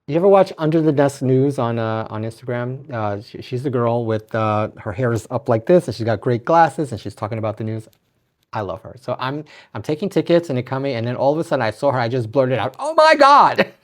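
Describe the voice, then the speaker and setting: A man's voice: medium pitch, a little mellow. Rambling, laughing male podcast host. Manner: rambling, self-interrupting, laughs often, swears casually. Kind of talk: casual solo podcast monologue.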